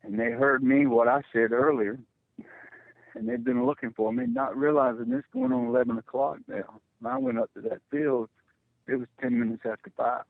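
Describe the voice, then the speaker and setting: A middle-aged man telling a personal story as a radio guest, halting and repeating words when it gets tense. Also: fairly high pitch, very animated, vocal fry, dry recording. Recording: tinny phone line, dry.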